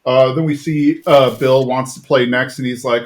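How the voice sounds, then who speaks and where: A man at an average pitch talks through a cartoon episode he just watched as a podcast host. His retelling is loose and chatty, full of fillers and little restarts. He sounds like he's just hanging out and telling a friend about it. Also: steady tone, moderate pace, few pauses. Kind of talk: casual episode recap.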